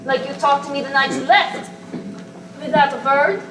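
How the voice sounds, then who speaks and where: A woman's voice: high voice, normal speed, close to an everyday voice. A woman playing a stern, curt old grandmother. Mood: cold. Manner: curt, clipped and unyielding. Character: stern, bitter old grandmother, cold and controlling. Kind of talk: amateur stage acting. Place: school stage. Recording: distant stage recording in an echoey hall with hiss.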